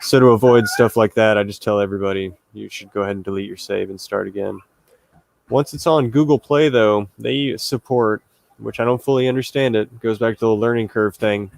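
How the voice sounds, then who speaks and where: Low gravelly man, dry close sound. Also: dry recording. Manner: relaxed, talks shop about updates with easy laughs. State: dry throat. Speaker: indie game developer guest. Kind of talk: casual interview chat.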